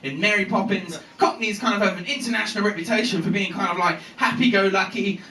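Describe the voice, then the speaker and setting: A young English man doing a live stand-up set, telling an animated, sweary story. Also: high-pitched, fast, slight background noise. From England. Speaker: stand-up comedian. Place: comedy venue with live audience. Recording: echoey bootleg audio from a distance.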